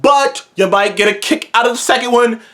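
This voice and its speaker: Excitable, foul-mouthed movie review host. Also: fairly quick. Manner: excitable, swears freely, jumps up in pitch when enthused. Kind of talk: casual movie review monologue.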